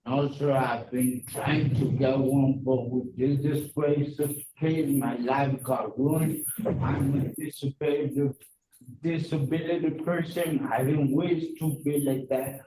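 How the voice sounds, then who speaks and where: A man's voice: medium pitch, steady tone, slow pace, warm tone. Agitated distant man pleading in court. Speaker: defendant. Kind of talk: courtroom hearing. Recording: distant echoey courtroom mic with faint noise.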